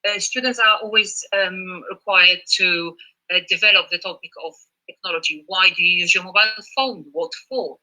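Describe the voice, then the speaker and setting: A woman's voice: lowish voice, normal speed, bright, forceful tone, low-quality recording. A woman teaching a live online Spanish lesson in an encouraging, chatty way, with fillers.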